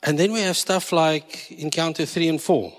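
A South African pastor preaches to his congregation with a slightly high voice, teasing them and mixing in Afrikaans asides. His voice carries a long echo around the church hall. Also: fairly even intonation, moderate pace. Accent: South African English. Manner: jokey, switching between English and Afrikaans. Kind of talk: sermon.

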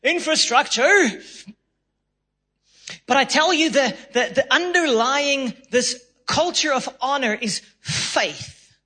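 South African pastor, male, high bright voice, emphatic sermon delivery with playful acted voices. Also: slow. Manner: emphatic preacher, acts out voices and laughs.

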